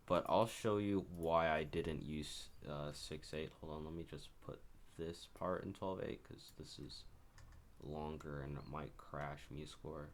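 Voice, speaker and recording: A man's voice: a bass voice, steady tone, a little slow, a little hiss or hum. A man casually talks through his own composition as he works on it, rambling and correcting himself as he goes. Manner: rambling, self-correcting, talks while working. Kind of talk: casual screen-share commentary.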